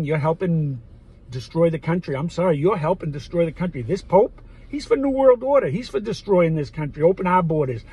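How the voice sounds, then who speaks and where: A man delivering a digressive opinion monologue for his vlog. He often loses his thread and turns loud and indignant in bursts. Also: fairly high pitch, slight background noise, low-quality recording. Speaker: vlogger.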